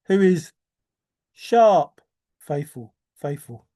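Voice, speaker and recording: A man's voice: high voice, animated, unhurried, long pauses, darkish tone. A man rambling in a teasing, giggly solo monologue, often laughing and repeating words. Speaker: treasure-hunt video maker.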